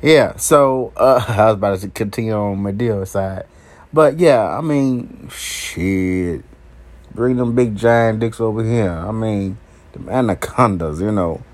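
A man delivering a raw, uncensored monologue to his viewers, brash, profane and animated, breaking into laughter. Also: lowish voice, slow. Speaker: vlogger.

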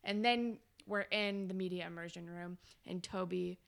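A woman's voice: fairly low pitch, fairly even intonation, normal speed, vocal fry, clean tone. A woman co-hosting a podcast, chatting casually as she retells a TV episode in detail with lots of fillers. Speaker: podcast co-host. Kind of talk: casual chat recapping a TV episode.

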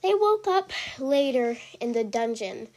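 Slow, hesitant woman storyteller. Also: fairly high pitch, sing-song, darkish tone, a little hiss or hum. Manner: hesitant, with fillers and restarts. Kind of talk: improvised story narration.

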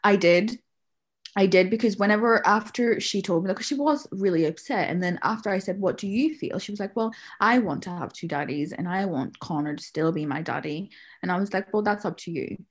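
A woman chats casually, telling stories with quoted voices. She laughs often, and her pitch sits in a middle range. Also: brisk. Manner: chatty storyteller, acts out quotes, laughs often. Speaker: mother sharing her story. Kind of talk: casual chat.

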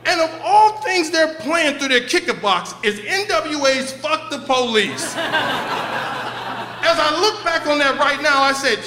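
A man telling a profane, comic story on stage at a live show, in an animated way. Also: extremely high pitch, slow. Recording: echoey live venue.

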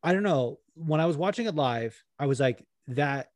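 A man co-hosting a casual sports podcast, animated and swearing freely, with lots of fillers. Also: fairly high pitch, fairly quick, no room sound. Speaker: podcast co-host.

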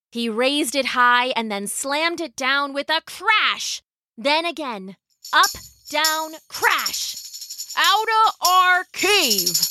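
A woman narrating a scripted children's story in a measured, vivid way. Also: fairly high pitch, bright, forceful tone, dry recording, studio quality.

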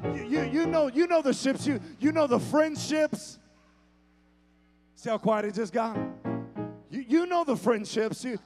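A man preaching a sermon to a church congregation, repeating phrases for emphasis, with soft instrumental music underneath. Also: very high-pitched. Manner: emphatic call-and-repeat preaching, stammered repetitions. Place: church sanctuary.

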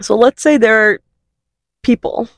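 A woman's voice: a little high, a little slow, no echo, clean studio sound. A woman co-hosting a podcast in casual chat, playful and teasing, laughing often. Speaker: podcast co-host.

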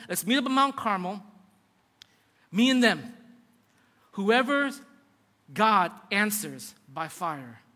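A preacher voicing a commanding bold prophet. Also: male voice, high-pitched, bright, forceful tone, exaggerated voice. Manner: commanding, declaiming. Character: bold, boastful male prophet giving commands. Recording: long hall reverb.

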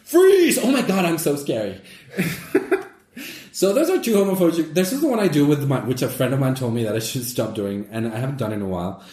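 A man's voice: medium pitch, very fast, few pauses, echoey room. A man casually chatting about comedy, telling jokes and acting out their voices with animation. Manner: animated storyteller, acts out joke voices. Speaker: comedian guest.

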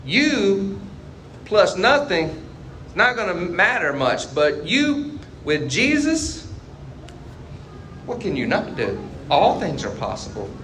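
A man preaching a sermon as a pastor, asking the congregation questions and swinging between loud and quiet passages. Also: high-pitched, wildly swooping pitch, slow pace, pauses often, slight background noise. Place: church sanctuary.

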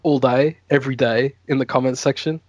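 A man's voice: medium pitch, steady tone, fairly quick, a little mellow, no room sound, highs cut off. A man with a West Midlands English accent, chatting casually as a guest on a gaming podcast, laughing often and repeating words as he talks.

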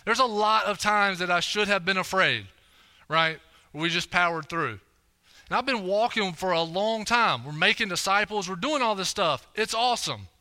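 A man's voice: sits high, lively intonation, normal speed, bright, forceful tone. A young man preaching a sermon from a church stage, telling a personal story in a casual, conversational way and often checking in with "right?".

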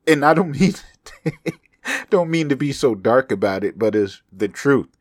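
An expressive young man with a mid-range voice talks at normal speed through a rambling solo podcast monologue, cursing and self-mocking along the way. He has a slight speech impediment, and the studio-quality audio has no echo.

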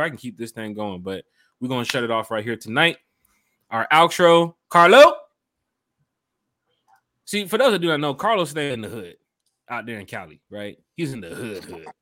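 A man's voice: medium pitch, big pitch swings, fast talker, a bit bright, no room sound, studio quality. A man hosting a casual fan podcast, hyped and slangy, talking straight to his listeners. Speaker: podcast host. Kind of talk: casual chat.

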